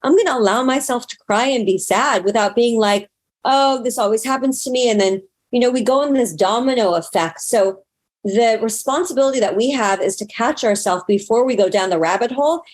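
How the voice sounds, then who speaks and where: Frank, animated woman spiritual teacher. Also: on the high side, fairly quick. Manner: frank and animated, swears casually; acts out inner self-talk in quoted asides. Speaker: spiritual teacher and astrologer guest. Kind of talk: casual interview talk.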